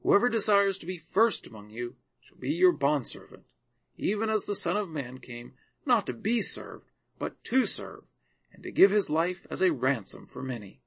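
A man voicing a compassionate male teacher in a scripture reading, speaking in a calm, earnest, measured way. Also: on the high side, creaky, husky, exaggerated voice.

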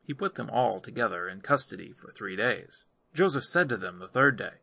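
Man with a gravelly, raspy reading voice. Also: fairly low pitch, big pitch swings, bright, forceful tone, dry recording. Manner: measured narration, dropping for narrative tags. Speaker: scripture reader. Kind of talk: Bible reading aloud.

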